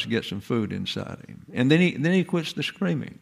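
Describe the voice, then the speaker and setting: Gravelly-voiced man lecturing. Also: mid-range voice, big pitch swings, brisk, hardly any pauses. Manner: folksy, digressive, asks rhetorical questions. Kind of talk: informal lecture.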